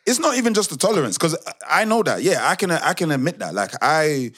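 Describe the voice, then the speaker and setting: A young man co-hosting a podcast, talking in a relaxed way and dropping "innit" and "yeah" into his sentences. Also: a little high, fast. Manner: relaxed and conversational, fills speech with "innit" and "yeah". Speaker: podcast co-host. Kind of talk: casual chat.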